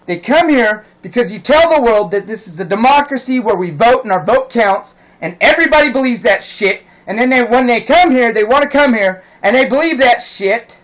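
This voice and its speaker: A man's voice: extremely high pitch, lively intonation, moderate pace, few pauses, fairly bright tone, poor audio. A man delivering a heated, profane rant as a vlogger, indignant and insistent. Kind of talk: angry ranting monologue.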